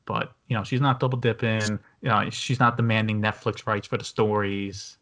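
A man's voice: fairly low pitch, flat delivery, normal speed, a bit bright. A man hosting a casual movie review podcast, talking in a rambling way with many fillers and restarts. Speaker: podcast host.

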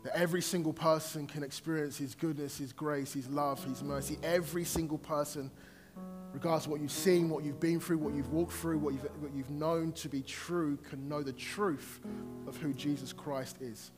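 A man's voice: a little high, steady tone, moderate pace, over music. A man preaching a sermon in a conversational way, rising to emphatic points.

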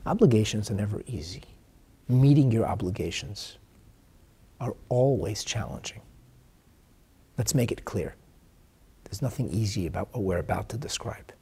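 A man teaching a religious lesson, emphatic, swinging between loud declaiming and hushed whispers, often asking rhetorical questions. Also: lowish voice, husky. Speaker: Torah teacher.

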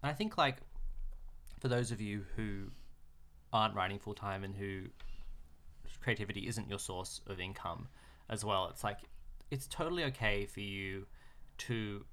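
A man co-hosting a podcast, chatting casually with animated, quick asides. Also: fairly low pitch. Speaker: podcast co-host. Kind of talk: casual chat.

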